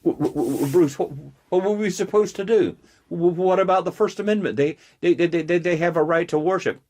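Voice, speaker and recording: A man mimicking a flustered local official who stammers and pleads in a high, whiny voice. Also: a little fast, a little mellow, natural voice.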